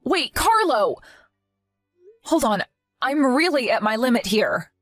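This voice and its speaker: A man's voice: very high voice, sing-song, takes it slowly, a bit bright, no room sound, faint music behind, pitched above the performer's own voice, exaggerated voice. A man voicing a sick, desperate young wife and mother who pleads with her husband. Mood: pleading.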